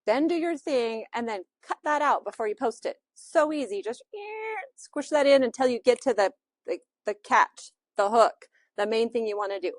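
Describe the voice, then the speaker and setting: Woman with Utah accent, slightly high voice, chatty instructor, dry close sound. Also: lively intonation, normal speed, no room sound. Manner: chatty, loose, many fillers and restarts. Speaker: real estate social media instructor. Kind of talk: teaching a class.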